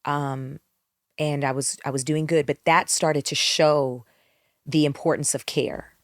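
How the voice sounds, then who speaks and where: A woman's voice: low-pitched, fairly even intonation, a little slow, no room sound, clean studio sound. A middle-aged woman, a singer, candidly telling her story in a podcast interview, reflective and full of restarts. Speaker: guest singer.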